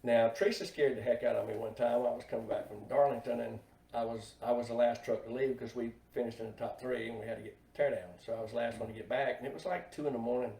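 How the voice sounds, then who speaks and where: A middle-aged man, a guest on a podcast, telling plainspoken anecdotes in a laid-back, unhurried way. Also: medium pitch, fairly even intonation, vocal fry, mellow, distant mic. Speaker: guest, NASCAR team hauler driver. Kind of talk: casual storytelling in a podcast chat. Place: podcast table in a room. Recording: echoey room, voice a bit off-mic.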